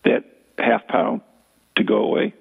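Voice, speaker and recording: An older man hosting a radio show in a jokey, rambling, self-mocking chat. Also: measured pace. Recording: tinny phone-like radio audio.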